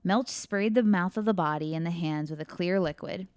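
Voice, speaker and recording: A woman's voice: fairly low pitch, normal speed, a little mellow, smooth, dry recording. A woman reading her own crime story aloud on a podcast, breaking off into casual asides and laughing often.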